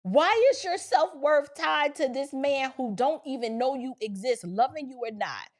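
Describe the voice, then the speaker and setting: A woman from Georgia tells a personal story in a lively, casual way, quoting both sides of a conversation as she goes. Her voice sits a little high, and she talks straight to her listeners. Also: moderate pace. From Georgia, near Atlanta. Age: adult with children. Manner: lively, quotes people in dialogue, addresses listeners as y'all. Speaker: storyteller recounting an encounter.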